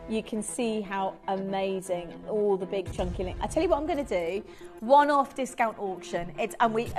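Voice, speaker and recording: A woman presenting on a live shopping channel, chatty and excitable, laughing often and reading out buyers' names. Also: medium pitch. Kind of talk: live TV sales pitch.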